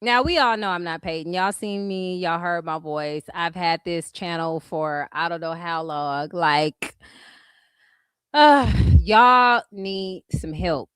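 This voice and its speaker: A woman's voice: on the low side, slow pace, a bit bright, clear, resonant tone, no room sound. A woman from California with a Californian accent, ranting bluntly and profanely to her viewers in casual commentary. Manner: blunt, profane and sassy, addressing viewers as "y'all". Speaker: commentary streamer.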